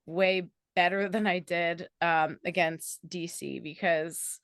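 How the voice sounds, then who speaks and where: A woman's voice: fairly low pitch, steady tone, slow pace, fairly bright tone, no room sound, studio quality. A woman co-hosting a podcast, chatty and agreeable in casual talk. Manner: chatty, agreeable, often laughing. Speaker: podcast co-host. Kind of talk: casual chat.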